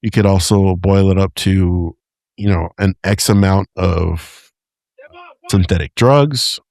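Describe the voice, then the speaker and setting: A man's voice: sits low, slow, vocal fry, darkish tone, dry recording, clean studio sound. A man co-hosting a podcast in casual, rambling chat, often restarting and joking. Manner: rambling, self-correcting, jokey. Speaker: podcast co-host.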